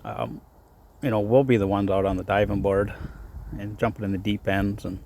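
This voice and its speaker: A man's voice: on the low side, moderate pace, creaky, a little mellow, slight background noise. A man giving a casual devotional talk outdoors in the cold. His voice is a bit shaky from the cold, and he rambles with lots of fillers. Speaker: faith vlogger.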